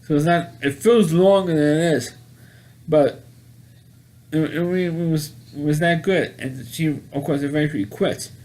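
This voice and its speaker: A man casually recapping a movie plot, rambling and halting with many restarts and repeated words. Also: on the high side, a little mellow. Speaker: movie reviewer.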